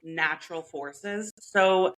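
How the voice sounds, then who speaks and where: A woman's voice: on the low side, takes it slowly, fairly bright tone, rough recording. A woman co-hosting a podcast in casual chat, playful and chatty, laughing often and leaning on "like". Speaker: podcast co-host.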